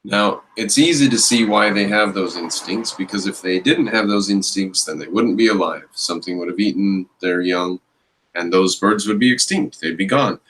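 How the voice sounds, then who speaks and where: A man's voice: low-pitched, moderate pace, fairly bright tone, slight background noise, low-quality recording. A man giving reaction commentary on a video clip, ranting with exasperated, mocking scorn.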